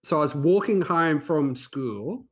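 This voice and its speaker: A man in his forties, a podcast host, telling a personal story in an earnest, halting way with frequent restarts. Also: on the high side, animated. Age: 40s.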